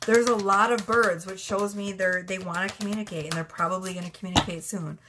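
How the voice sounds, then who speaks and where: A woman's voice: medium pitch, fairly even intonation, fairly quick. A woman reads tarot cards in a loose, chatty way, blunt and full of swearing, often breaking into laughter. Her voice sits in an everyday middle register. Faint noise hums behind her. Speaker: tarot reader. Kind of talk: casual tarot reading.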